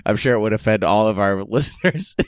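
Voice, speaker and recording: A playful male podcast co-host chatting casually and laughing often. His voice is fairly low. The sound is dry and close to the mic. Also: a little fast, clean tone, no echo. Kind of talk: casual chat.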